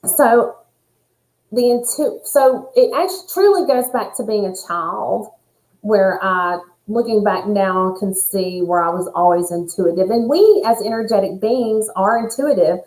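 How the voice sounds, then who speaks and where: A woman who is a nurse and spiritual coach, talking in an earnest, animated way in casual conversation. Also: mid-range voice, measured pace, reverberant, low-quality recording. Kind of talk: casual chat.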